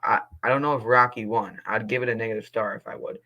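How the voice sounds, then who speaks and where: A young man reading movie reviews aloud in a casual vlog, passionate and quick to get indignant, then apologizing. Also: fairly low pitch, steady tone, sharp tone, rough recording.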